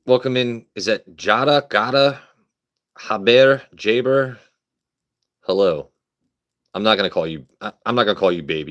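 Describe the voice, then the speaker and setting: Live streaming from his phone camera, a young man jokes around, swears, and answers his viewers' comments. He has a lowish voice, talks at a normal speed, and pauses often.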